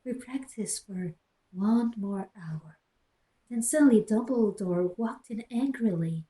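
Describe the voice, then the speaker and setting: This is a poor-quality clip of a young woman streamer mockingly reading a story aloud, muttering jokes and sarcastic comments between lines. Her medium-pitched voice is dark in tone, animated and slow. She uses a cheap gaming headset in a small closed room.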